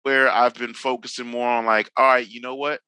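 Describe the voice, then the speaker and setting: This podcast guest, a Northern Californian veteran in his forties who drifts around, talks casually in slang, cursing freely and performing other people's lines in his stories. He speaks briskly at medium pitch with little pitch movement and a sharp, smooth tone, on a rough recording with no echo.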